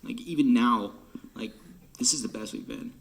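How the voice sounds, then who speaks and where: A teenage drum major speaks in a mid-range, gravelly voice. He fights back tears, sighs, and slips into a whisper as he thanks his band. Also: medium pitch, moderate pace, a little hiss or hum. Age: late teens. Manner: choked up, often dropping to a whisper, sighing. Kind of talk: emotional farewell speech. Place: band room.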